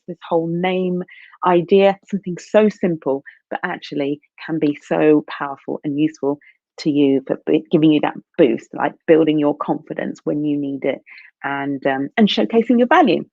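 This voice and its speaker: A woman's voice: deep voice, vocal fry, a little mellow, no room sound. A woman confidence coach giving an encouraging live talk, setting tasks for her viewers in a direct way. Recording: dry, phone-like live stream audio.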